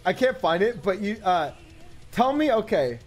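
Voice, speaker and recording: A man streams live and chats with his viewers, excitable and quick to swear and laugh. His pitch runs a little high and swings widely as he talks. Faint music plays behind him. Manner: excitable, profane, laughs a lot. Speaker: livestreamer. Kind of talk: casual stream chat.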